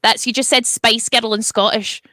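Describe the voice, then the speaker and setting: A woman co-hosting a stream in casual chat, teasing and quick to argue a point. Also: fairly high pitch, fairly even intonation, bright, forceful tone, no echo. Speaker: stream co-host.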